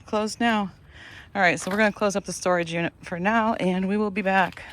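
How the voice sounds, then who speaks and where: In a casual vlog, a middle-aged female lifestyle vlogger rambles to her audience while doing work at a storage unit, often correcting herself. Her pitch is medium, her pace fairly quick, and there's slight noise in the background.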